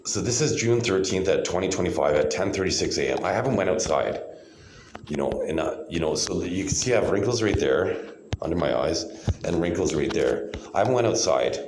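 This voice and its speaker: A man's voice: low voice, lively intonation, fairly quick, a little mellow, echoey room, a little hiss or hum, poor audio. A man in a hospital room, talking to his phone camera in a rambling, profane, insistent monologue that keeps checking "right?". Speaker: vlogger.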